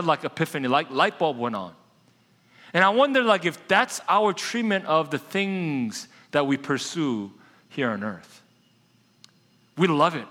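In a church sanctuary with long reverb, a pastor with a high, ringing voice gives a sermon. He's an animated storyteller who slows down whenever he wants to stress a key point.

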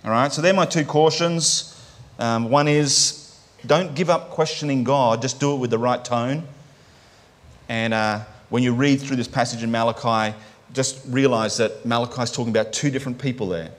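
A man's voice: medium pitch, fairly even intonation, normal speed. A man preaching a sermon in a conversational way, often checking in with "right?" and restarting his phrases.

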